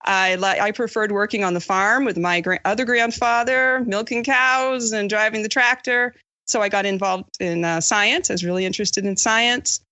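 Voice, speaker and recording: A woman's voice: mid-range voice, fairly even intonation, normal speed, bright, forceful tone, dry recording. A woman from Maine, a podcast guest telling her story in a friendly, chatty way. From Maine, USA. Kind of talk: casual podcast interview.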